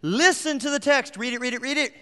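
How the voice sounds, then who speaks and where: A middle-aged man preaching a sermon as pastor, emphatic, rising to near-shouts on his key points. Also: extremely high pitch, a little fast, clear, resonant tone. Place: church sanctuary. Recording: long hall reverb.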